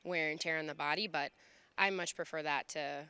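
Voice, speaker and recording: Bright, candid woman in her thirties. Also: low voice, steady tone, normal speed, clean tone, dry recording. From USA (Ohio). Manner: laughing, candid, chatty. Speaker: interviewee, fighter. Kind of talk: casual interview chat.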